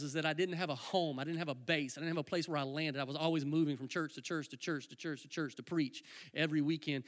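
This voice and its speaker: A male preacher telling a humorous personal testimony from the pulpit, full of animated storytelling and comic asides. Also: on the high side.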